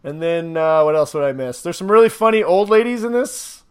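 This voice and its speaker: Podcast co-host, male, high voice, rambling and excited, casual. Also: brisk, smooth. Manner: rambling, excited, laughs often. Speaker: podcast co-host reviewing a movie.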